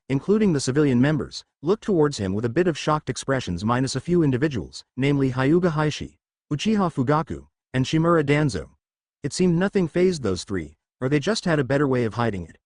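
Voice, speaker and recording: A man's voice: medium pitch, big pitch swings, fast, darkish tone, no echo, studio quality. A man narrating a fan fiction story aloud.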